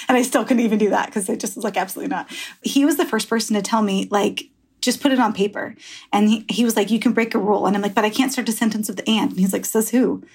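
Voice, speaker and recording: Woman guest, gravelly and a bit husky, frank storyteller who rambles and swears. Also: medium pitch, a little mellow. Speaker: author guest. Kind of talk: candid interview conversation.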